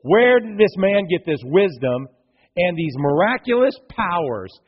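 A male pastor with a high, lively voice that swoops up and down, a little husky. He preaches a sermon and acts out the voices of people in his stories. The sound is dull and lo-fi, with a long church-hall reverb. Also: unhurried. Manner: animated preacher acting out voices of townsfolk. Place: church sanctuary.

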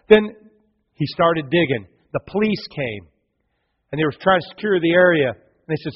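A male pastor preaching a sermon, telling a story with passion and big swings from loud to quiet. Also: on the high side, expressive, moderate pace, pauses often, husky. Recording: long hall reverb, dull lo-fi sound.

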